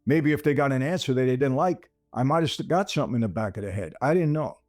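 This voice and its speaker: A podcast host with a medium-pitched, slightly mellow voice talks fast and expressively, telling his listeners a personal story. He addresses them as "people" and acts out the quoted dialogue of each scene. The studio-quality recording is dry, with no room sound.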